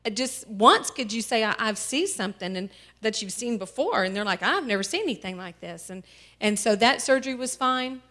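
Mom giving a teary testimony at church, lots of ums, voice breaking now and then. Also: female voice, mid-range voice, fairly bright tone. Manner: tearful, halting with many fillers. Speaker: mother sharing a testimony. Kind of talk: emotional personal testimony. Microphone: handheld microphone.

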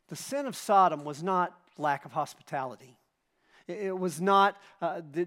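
A pastor preaching a sermon, emphatic and dramatic as he retells scripture and asks the congregation rhetorical questions. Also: sits high.

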